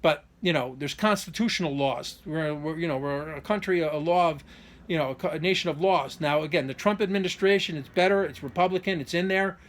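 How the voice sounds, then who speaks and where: A man with a fairly high, slightly bright voice talks quickly, with a faint hiss or hum in the background. He's a vlogger giving a personal update straight to camera, unscripted and rambling, restarting often. His tone is indignant and aggrieved, and he speeds up in bursts when he hits key points.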